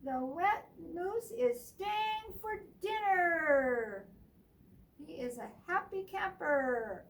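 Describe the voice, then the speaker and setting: An excited little storybook mouse, as a woman puts her on, squeaky and far higher than a grown woman's speech. She drawls out her happy news loudly. The mic hears her from a distance, with a faint hiss. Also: extremely slow, exaggerated voice.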